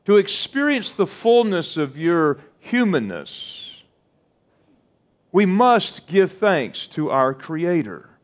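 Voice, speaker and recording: Slow, deliberate preaching man. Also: high-pitched, sing-song. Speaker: pastor. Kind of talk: sermon.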